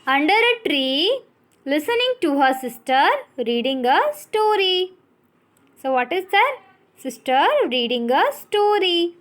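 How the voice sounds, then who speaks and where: A woman teacher with an Indian English accent, giving a recorded English lesson, explaining words slowly and spelling them out letter by letter. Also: high-pitched, big pitch swings, fairly bright tone.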